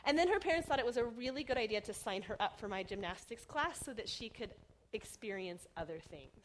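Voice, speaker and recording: A young woman preaching a sermon in an earnest way, often dropping to a hush on key phrases. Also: on the high side. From Oregon, United States. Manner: earnest, softening to near whispers on key phrases.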